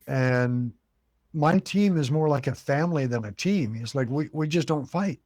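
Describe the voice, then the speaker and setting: An American man who owns a haunted cabin tells a long story as an interview guest, speaking at a moderate pace with a medium-pitched, darkish voice. There's no room sound, and he retells conversations by acting out what others said.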